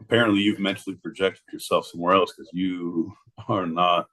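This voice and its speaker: A man's voice: sits low, steady tone, a little fast, a bit bright. A man co-hosting a podcast in casual, playful chat, riffing on wordplay and cursing freely. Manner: playful, riffs on wordplay, swears. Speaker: podcast co-host.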